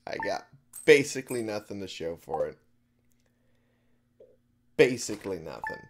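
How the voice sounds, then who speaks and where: A man's voice: on the low side, big pitch swings, unhurried, slight background noise. A man giving casual commentary over his own gameplay. He swears a lot, laughs often, and keeps exclaiming in exasperation. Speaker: let's play streamer. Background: game music.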